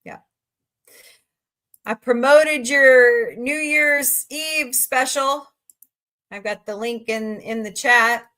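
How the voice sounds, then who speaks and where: A woman's voice: sits high, slow pace, long pauses, sharp tone. A middle-aged woman from Southwest Missouri hosting a casual livestream, chatting and rambling as she answers messages from viewers. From Southwest Missouri, USA. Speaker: livestream host.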